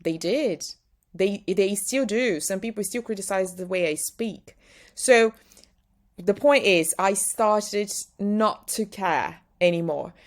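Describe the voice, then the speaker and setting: A young Brazilian woman with a British-style English accent, teaching pronunciation and saying each practice word slowly and emphatically. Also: mid-range voice. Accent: Brazilian, speaking British-style English. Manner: drills words slowly and emphatically, exaggerated articulation. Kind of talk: pronunciation lesson.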